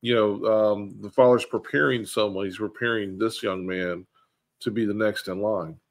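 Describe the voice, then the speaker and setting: A man leading a casual group bible discussion, talking in an animated way and acting out the people he quotes. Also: fairly low pitch, normal speed. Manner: animated, acts out quoted characters. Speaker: bible study leader.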